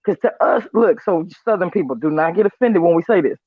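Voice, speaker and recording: A man from Northern California co-hosts a casual live show, animatedly telling stories, acting out other people's voices and quotes, and swearing freely. His voice sits high and is fairly quick. The recording is dry, over a tinny, phone-like line.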